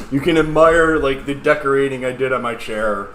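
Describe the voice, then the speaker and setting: A man's voice: medium pitch, fairly bright tone. A man commenting casually on a livestream, amused and laughing between remarks. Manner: amused, laughing, drawn-out musing. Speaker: streamer reacting to a clip.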